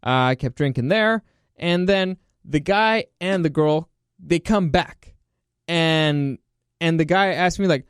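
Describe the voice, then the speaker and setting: A man's voice: fairly high pitch, slow, clean tone, no echo, clean studio sound. A young man hosting a podcast, telling stories in a loose, rambling way and laughing as he goes. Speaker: podcast host. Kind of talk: casual Q&A storytelling.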